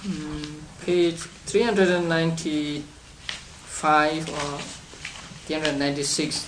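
A man leading a study class on meditation texts, explaining slowly and step by step with frequent restarts and soft chuckles. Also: on the high side, level tone. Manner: chuckles between points. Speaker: Buddhist meditation teacher. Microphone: distant room mic. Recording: roomy distant amateur recording with hiss.

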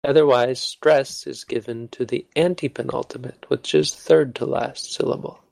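A man's voice: medium pitch, steady tone, moderate pace, vocal fry, a little mellow, no room sound. A man teaching a language lesson in a casual, joking way, stopping to correct himself as he goes. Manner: informal, self-correcting, joking.

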